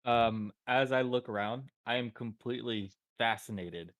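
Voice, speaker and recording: A man playing in a tabletop game, talking in a halting, musing way full of fillers. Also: medium pitch, no echo, dull audio. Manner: halting, musing, full of likes and you-knows. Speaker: player. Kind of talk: casual tabletop role-play.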